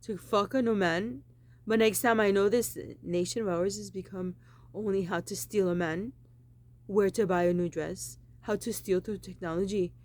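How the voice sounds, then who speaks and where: A woman's voice: medium pitch, steady tone, moderate pace, darkish tone. A woman giving a rambling, insistent monologue, repeating the same phrases emphatically. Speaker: vlogger.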